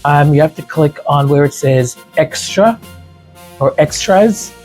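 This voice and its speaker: Man, stutters, tongue-tied, slow delivery, slightly higher voice, casual talk to viewers. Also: lively intonation, a little mellow, soft background music. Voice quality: tongue-tied, some sounds hard to pronounce. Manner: stutters, repeating words. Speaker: music creator speaking to supporters.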